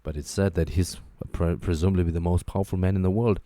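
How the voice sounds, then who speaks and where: A man hosting a talk show, giving joking, animated commentary and repeating his phrases for emphasis. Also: deep voice, quick pace, no echo. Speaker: host. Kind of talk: casual commentary monologue.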